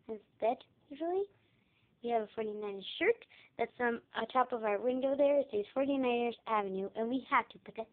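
A young girl giving a casual tour of her bedroom, chatty and rambling, excitable now and then. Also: high-pitched. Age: child. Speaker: vlogger giving a room tour. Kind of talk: casual room tour vlog. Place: child's bedroom, indoors. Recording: tinny lo-fi home camera audio.

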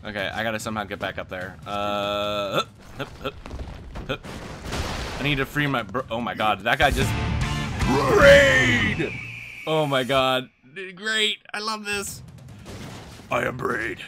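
Excitable man doing game commentary. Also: medium pitch, a little slow. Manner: excitable, exclaims often, mutters between outbursts. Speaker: gaming video host. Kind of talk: let's play commentary. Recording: game music and gunfire behind.

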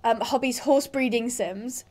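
A woman rambles through casual let's-play commentary for her channel. Her voice is high and light. She chats and giggles as she talks. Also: measured pace, darkish tone. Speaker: gaming YouTuber.

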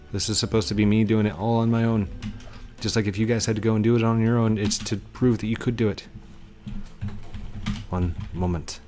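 A man's voice: on the low side, a little mellow. A man giving casual let's play commentary as a gaming YouTuber, goofy and playful, talking to his viewers.

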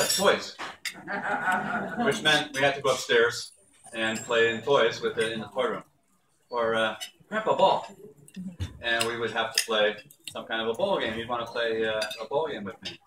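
An older man tells anecdotes at an awards dinner, warm and unhurried, sometimes slipping into playful voices for quotes. He sounds set back from the mic in a roomy hall. Dishes and cutlery clatter behind him. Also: mid-range voice, background noise. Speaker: speaker at an awards ceremony. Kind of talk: storytelling speech. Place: banquet hall. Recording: echoey hall from far off with dish clatter.

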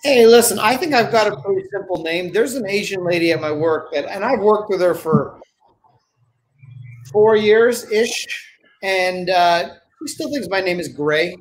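A man with a notably high voice chats on a podcast. His manner is wry and offhand, telling small anecdotes in a loose, talkative way. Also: unhurried, slight background noise. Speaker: podcast co-host. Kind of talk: casual chat.

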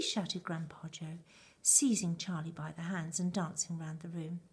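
Female teacher reading bedtime stories; expressive, low, husky. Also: normal speed. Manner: expressive, lively storytelling.

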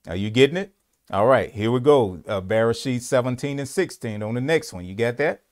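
A man's voice: mid-range voice, moderate pace. A man teaching in a sermon style. He quotes scripture, asks his listeners questions and answers them himself, and repeats key words for emphasis.

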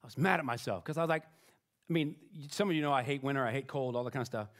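A man's voice: medium pitch, fast, fairly bright tone. A middle-aged man preaching a sermon as pastor, conversational and self-deprecating, often checking in with "right?" and restarting his sentences.

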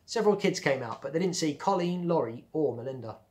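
A male primary school teacher reading a children's book aloud in a steady, gentle way. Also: on the high side, fairly quick.

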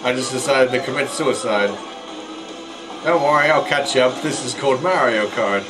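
A man's voice: medium pitch, moderate pace, low-quality recording. A man casually commenting while playing a racing game online, joking at his own mistakes and stumbling over words. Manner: jokey, self-mocking, stumbling over words. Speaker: gameplay commentator. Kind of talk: casual let's play commentary. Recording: game music behind the voice.

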